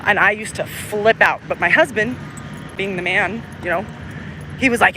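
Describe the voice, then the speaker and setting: A woman's voice: medium pitch, normal speed. A middle-aged woman rambling and cursing as she walks down a busy street, a little out of breath, speaking into a phone held in her hand. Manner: rambling, digressive, swears freely, trails off with "anyways". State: short of breath in the humid heat. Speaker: vlogger. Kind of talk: casual rambling monologue while walking. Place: outdoors on a busy city street. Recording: street noise and passing cars.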